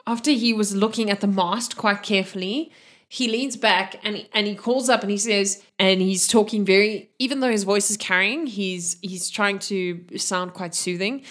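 A woman's voice: mid-range voice, normal speed, fairly bright tone. A woman narrating a tabletop role-playing game as the game master, describing scenes in detail. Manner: descriptive, with frequent restarts and laughter.

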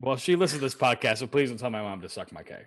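A young adult man co-hosting a podcast, rambling through anecdotes in a relaxed casual chat with frequent laughs. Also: medium pitch, rapid-fire. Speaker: podcast co-host.

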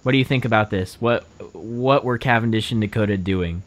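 A young man with a fairly low voice chats loosely on a podcast, piling up fillers and breaking into laughs. He rambles from one thought to the next in an easy, unscripted way. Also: fairly quick. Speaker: podcast co-host. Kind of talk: casual chat.

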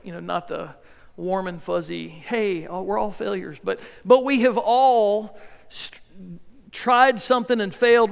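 A man with a high, gravelly voice preaches a sermon, speaking earnestly and conversationally and repeating key phrases to drive them home. He is recorded in a church, and his voice carries a long hall reverb. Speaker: pastor. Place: church sanctuary.

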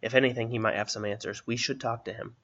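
A man voicing a wary ranger who speaks calmly and seriously. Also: mid-range voice, quick pace, dull audio.

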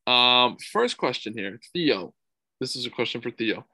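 A young man co-hosting a casual fight podcast, profane and excitable, saying "dude" a lot. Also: medium pitch, unhurried, dry recording, low-quality recording. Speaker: podcast host. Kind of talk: casual MMA podcast chat.

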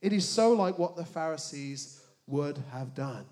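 Animated preacher man, fairly high voice. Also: measured pace. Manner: animated, joking asides, dramatic hushed emphasis. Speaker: pastor. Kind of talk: sermon.

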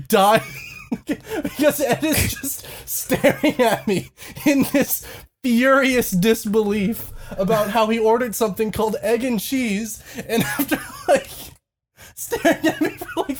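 Young podcast co-host telling a profane anecdote, laughing as they go, middle pitch. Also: slight background noise. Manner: profane, laughs through the story. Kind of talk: casual storytelling.

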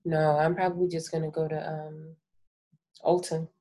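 A woman's voice: sits low, level tone, normal speed, warm tone. A young woman co-hosting a podcast in casual chat, laid-back and slangy, laughing often. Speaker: podcast co-host.

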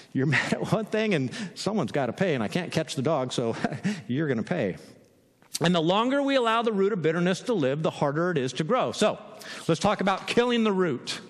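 A man's voice: sits high, long reverb tail. A man preaching a sermon in a casual, conversational way, often checking in with "right?" and laughing now and then. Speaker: pastor.

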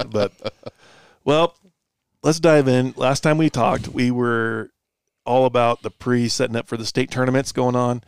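A man's voice: medium pitch, fairly even intonation, unhurried, gravelly, a little mellow, clear, resonant tone, dry recording, studio quality. A man co-hosting a casual sports chat, telling stories with a laid-back manner and frequent laughs. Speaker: co-host.

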